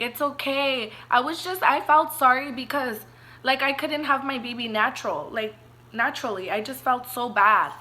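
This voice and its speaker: A woman's voice: on the high side, sharp tone. A young woman vlogger telling a personal story in a chatty, emotional way, often saying "like" and getting teary. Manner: chatty, emotional, heavy use of "like".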